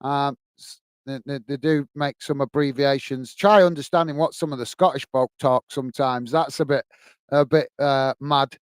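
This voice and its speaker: A man's voice: medium pitch, fairly even intonation, moderate pace, clear, resonant tone, no room sound. A man from England hosting a football watch-along, chatting casually and reading out viewer comments with friendly thanks. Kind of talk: casual live-stream chat.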